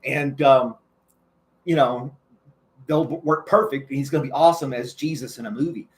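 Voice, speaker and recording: A man's voice: medium pitch, moderate pace. A man hosting a casual chat show, talking loosely and laughing often. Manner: chatty, laughs a lot. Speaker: host.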